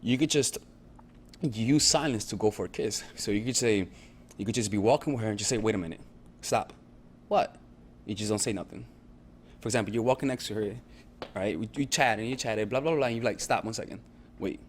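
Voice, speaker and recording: A man's voice: on the low side, fairly quick, a little hiss or hum. A man coaching on dating in a casual, conversational talk, often checking in with his listener and swearing freely. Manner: conversational, repetitive check-ins, profane.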